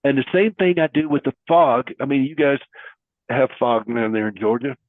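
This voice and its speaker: A middle-aged man appears as a guest caregiver advocate in a conversational interview, speaking earnestly and preacherly with folksy metaphors. His mid-range voice is animated and husky at a normal pace, coming through a thin, phone-like line in a dry recording.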